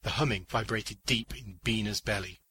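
A man narrating a short story in a measured, deliberate audiobook reading on a close mic. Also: fairly low pitch, pushed and bright, slight background noise, low-quality recording. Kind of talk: scripted audiobook narration of fiction.

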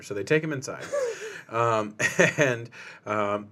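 Podcast co-host, male, lower voice, relaxed swearing recapper who acts out lines. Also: slow. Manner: laid-back, laughs often, swears, acts out characters' lines. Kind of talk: casual movie recap chat.

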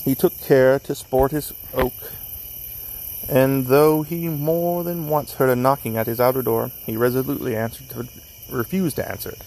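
A man reading a classic story aloud at an unhurried pace, outdoors in a cemetery at night, correcting small slips as he goes. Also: mid-range voice, fairly even intonation, a little mellow, a little hiss or hum, low-quality recording. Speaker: narrator.

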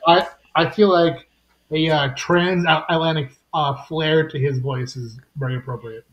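A man's voice: a little high, unhurried, dull audio. A man hosting a podcast, recapping a comic issue in casual chat and acting out the characters' lines as he goes. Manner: animated retelling with voiced quotes. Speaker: podcast host.

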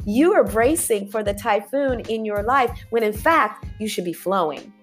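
A woman's voice: fairly high pitch, expressive, moderate pace, faint music behind. A woman hosting a motivational podcast, talking in an encouraging, repetitive way and often saying "y'all". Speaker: podcast host.

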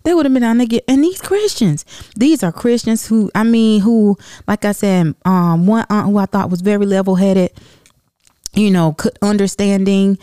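A woman podcast host from the United States telling a long personal story in casual, animated talk, often calling her listeners y'all. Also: medium pitch, moderate pace, clean tone, dry recording, clean studio sound.

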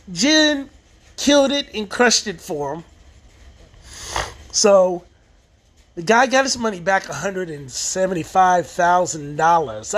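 A man with a high-pitched voice talks through an episode of a show in a loose, casual recap. He rambles, often backs up to restart a phrase, and acts out the quoted lines as he goes. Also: a bit bright. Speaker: TV show reviewer.

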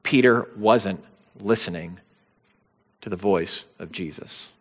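A man preaching a sermon in an earnest, emphatic way, pressing his stresses higher as he drives points home. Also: slow. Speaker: pastor. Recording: long hall reverb.

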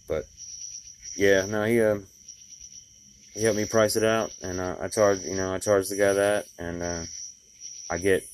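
The background is noisy behind this deep-voiced, middle-aged man who installs glass. In his casual vlog he spins rambling, folksy stories about his day, padded with fillers.

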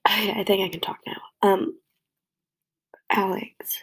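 A woman's voice: mid-range voice, steady tone, slow pace, fairly bright tone, husky, poor audio. A young woman crying while reacting to a tribute, flustered and self-mocking, squealing in disgust. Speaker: vlogger.

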